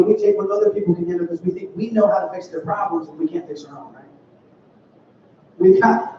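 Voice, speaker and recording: High-voiced young man preaching in roomy hall. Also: mellow, a little hiss or hum. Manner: conversational, acts out quoted voices. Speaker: youth pastor. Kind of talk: sermon to a youth group. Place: church hall. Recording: far, dull and roomy hall sound.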